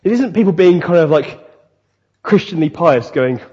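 A man preaching a sermon, animated and acting out the voices of the people he quotes. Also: high voice, normal speed, husky. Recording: dull, long-reverb hall.

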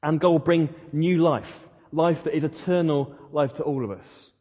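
A man's voice: fairly high pitch, moderate pace, darkish tone, breathy edge. Male pastor, earnest sermon, repeats his questions; muffled church hall recording. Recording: muffled sound with long hall reverb.

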